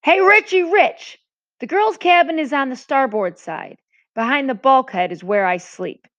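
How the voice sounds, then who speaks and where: A woman's voice: sits high, lively intonation, unhurried, a bit bright, no room sound, pitched above the performer's own voice. A woman reading aloud and voicing a furious, threatening ship's mate in a storybook, over a dull lo-fi recording. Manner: angry, threatening. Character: furious gruff ship's mate, grown man.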